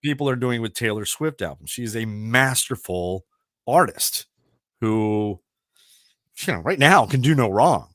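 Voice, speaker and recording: A man's voice: medium pitch, a little slow, no room sound, clean studio sound. A middle-aged man hosting a radio show, chatting casually about music and telling rambling stories. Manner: rambling, animated storytelling with restarts.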